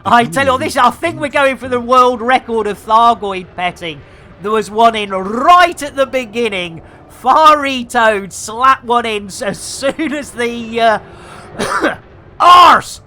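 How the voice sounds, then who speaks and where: A man's voice: extremely high pitch, a little slow, sharp tone. A man streaming a game live, chatting in a bawdy, theatrical, rambling way. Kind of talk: cheeky live-stream chat.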